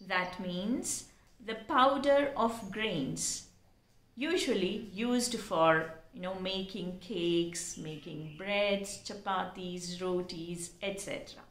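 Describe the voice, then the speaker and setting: A woman, teaching pronunciation by spelling out words and explaining them slowly and carefully. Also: lowish voice. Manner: slow, careful and deliberate. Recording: echoey room.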